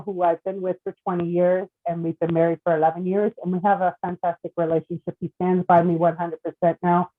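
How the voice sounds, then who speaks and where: A woman in her forties, a children's book author, talking earnestly and warmly about her story in a casual group chat. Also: lowish voice. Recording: phone-like narrow sound.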